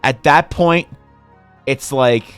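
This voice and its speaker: A man streaming, chatting casually while he draws, in a rambling, profane, animated way. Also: mid-range voice, slow pace, clean tone, no room sound, soft background music.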